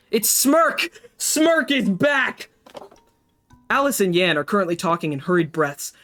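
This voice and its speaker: Chatty woman streamer over faint music. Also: sits low. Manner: wry, chatty asides. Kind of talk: reading a story game aloud with live chat.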